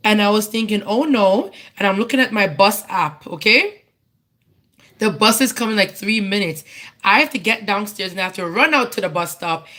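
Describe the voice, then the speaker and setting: A woman's voice: mid-range voice, expressive, brisk, sharp tone. A woman giving an informal personal testimony at church, earnest and candid, often restarting and repeating herself as she searches for words. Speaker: church speaker giving a tribute.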